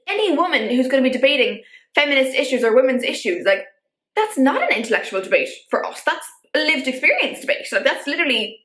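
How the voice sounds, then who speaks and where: A woman's voice: high-pitched, a bit bright. Woman vlogging to camera, says like a lot, gets riled up, echoey room. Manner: chatty, full of "like" fillers, gets fired up. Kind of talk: casual talk to camera. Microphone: camera mic.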